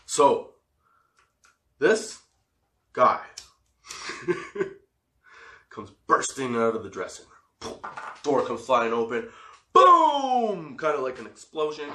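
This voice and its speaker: A man's voice: mid-range voice, expressive, takes it slowly, long pauses, pushed and bright, slight background noise. A man hosting a podcast, telling stories in a casual, profane way and laughing often. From Canada. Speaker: podcast host. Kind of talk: casual storytelling. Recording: roomy echo.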